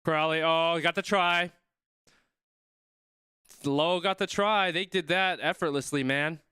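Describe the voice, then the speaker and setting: Young man, casual live commentary, bright voice, dry close sound. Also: on the high side, takes it slowly, clean tone, no echo. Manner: thinks aloud, reads chat, trails off mid-sentence. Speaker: streamer reacting to a rugby match.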